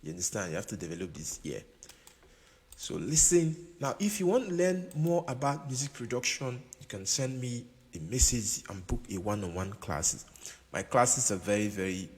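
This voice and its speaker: Guy teaching how to use an eq, keeps asking "you understand", lively pitch, echoey room with long tail. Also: moderate pace, hardly any pauses. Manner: repeats himself, checks in with "you understand?". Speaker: music production tutor. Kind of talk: casual tutorial while playing keyboard. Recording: room with long reverb, keyboard music behind. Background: keyboard playing.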